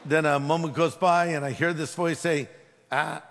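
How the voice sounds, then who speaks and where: A man's voice: on the high side, steady tone, normal speed. A man who is a pastor, preaching a sermon with emphatic delivery and humorous storytelling. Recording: long hall reverb.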